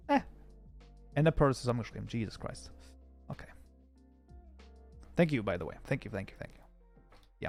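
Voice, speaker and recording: A streamer who programs mods chats casually with his live-stream audience while coding, frequently slipping into mock outrage. German is his first language, and his voice sits on the high side with a darkish tone and no echo.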